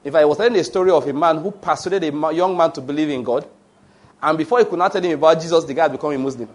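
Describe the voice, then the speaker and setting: Male preacher, slightly high voice, emphatic and digressive. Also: very fast. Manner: emphatic, asks the congregation questions and answers them; digressive, with restarts and fillers. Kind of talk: sermon.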